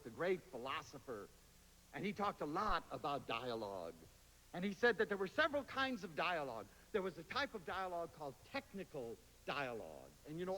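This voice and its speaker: A man giving a lively lecture to an audience, telling stories and slipping into playful voices when he quotes people. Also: on the high side. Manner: animated storyteller, quotes others in playful voices. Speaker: public speaker. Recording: hall reverb, faint hiss.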